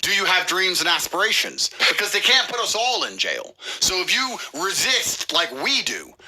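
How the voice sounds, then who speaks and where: A man's voice: high-pitched, very animated, normal speed, sharp tone, poor audio. A man co-hosting a comedy podcast, ranting in a mock-serious, sweary way. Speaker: podcast co-host.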